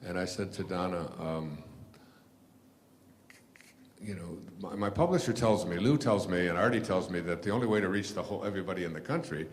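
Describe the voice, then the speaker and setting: A man telling stories to an audience in a rambling, halting way, with many fillers and restarts. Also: deep voice, lively intonation, long reverb tail. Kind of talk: storytelling lecture.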